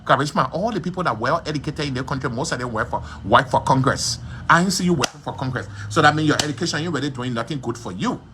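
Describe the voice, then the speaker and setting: A man's voice: mid-range voice, fast talker, few pauses, sharp tone, slight background noise. A man hosting a gossip livestream from his shop, talking in a scornful, repetitive way. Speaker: livestream host.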